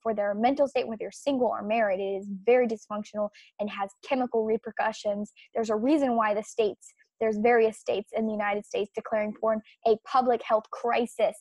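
A young woman hosts her podcast with indignant, emphatic commentary. Her voice sits fairly high and turns scornful as she presses her points. The sound is dry and close, with no room echo. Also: steady tone, a little fast, few pauses, darkish tone. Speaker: podcast host. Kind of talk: opinionated commentary.

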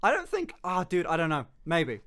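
A young man streaming, chatting casually with quick jokes and frequent swearing. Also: a little high, huge pitch swings, fairly bright tone. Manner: fast, joking, swears often, laughs a lot. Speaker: streamer host.

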